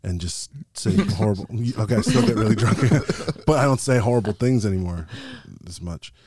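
A man chatting as a podcast guest, telling crude, loud stories with lots of laughter. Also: on the low side, normal speed, slightly rough, no echo. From Mexican heritage. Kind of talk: casual chat.

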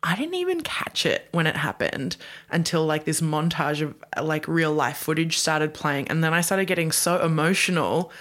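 A woman's voice: low-pitched, expressive, normal speed, fairly bright tone. A woman co-hosting a casual pop culture podcast, chatty and full of "like", laughing often. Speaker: podcast co-host.

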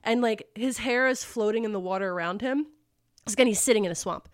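A woman's voice: a little high, quick pace, no echo, clean studio sound. A young woman casually retelling a book's plot, rambling and full of fillers. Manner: rambling, filler-heavy, acts out character lines. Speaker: podcast co-host retelling a novel. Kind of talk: casual storytelling chat.

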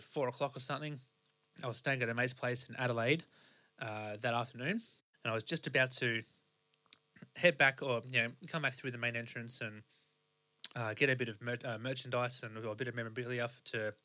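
Young aussie guy yarning about his trip, bright forward voice, lots of ums and restarts. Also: mid-range voice. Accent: Australian. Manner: rambling, many fillers and restarts. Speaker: podcast host. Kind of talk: casual storytelling monologue.

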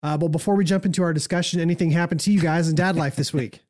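A man's voice: fairly high pitch, fairly even intonation, very fast, a little mellow. A man hosting a podcast, opening the show and introducing his co-hosts in an upbeat way. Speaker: podcast host. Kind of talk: scripted show opening then casual chat.

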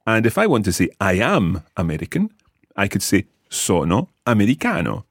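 A Scottish man with a very low, husky voice leads a podcast language lesson. His pitch rolls up and down a lot as he patiently explains and repeats each word. The recording is close and dry. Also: wildly swooping pitch, moderate pace, no room sound. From Scotland. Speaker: language teacher and host.

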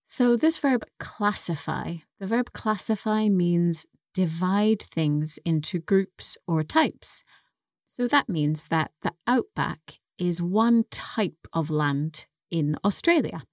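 A woman's voice: fairly low pitch, animated, slow, dry recording, studio quality. A woman co-hosting an English lesson podcast, carefully explaining vocabulary and pronunciation. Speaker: co-host and English teacher.

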